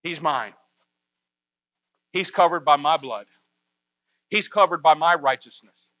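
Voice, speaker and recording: A man's voice: on the high side, slow, pushed and bright. A male pastor preaching a conversational sermon, full of rhetorical questions and repetition. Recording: dull lo-fi recording.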